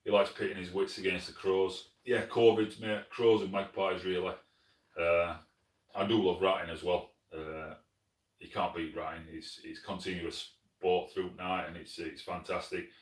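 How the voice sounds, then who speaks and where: A friendly hunting channel host from Sheffield, South Yorkshire, speaks in a deep, low, level voice at normal speed while going through viewer comments on a live stream. He's plain-spoken, keeps calling people mate, and sits some way from the mic in an echoey room.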